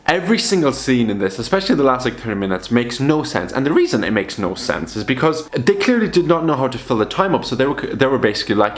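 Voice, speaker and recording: A man's voice: medium pitch, sing-song, fast talker, hardly any pauses. A young man chatting casually to camera, rambling and swearing freely as he talks about old horror films. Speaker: video creator reviewing films. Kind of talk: casual vlog commentary.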